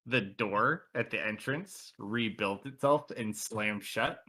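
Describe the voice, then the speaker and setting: A man running a tabletop game as game master, narrating in a relaxed, conversational way. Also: on the low side, takes it slowly. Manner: relaxed, conversational, many "like" fillers.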